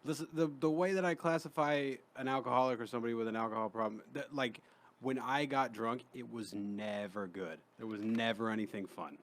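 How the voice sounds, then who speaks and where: A man's voice: medium pitch, a little fast. A young man guesting on a casual podcast, laid-back and hesitant, swearing casually. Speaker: comedian guest. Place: podcast studio.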